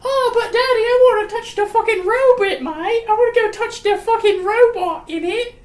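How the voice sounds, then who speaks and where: A woman's voice: very high voice, moderate pace, roomy sound, voice pushed up. A squealing bratty little girl. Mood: bratty excitement. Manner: squealing, with a mock British slang.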